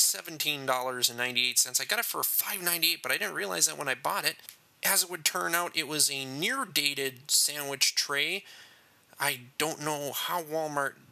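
Bright-voiced man reading his story. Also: fairly high pitch, low-quality recording. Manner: jokey, chatty asides. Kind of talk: story narration and casual chat.

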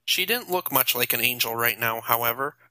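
A man narrating an audiobook in a steady, even storytelling manner. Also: medium pitch, brisk, slight background noise, poor audio.

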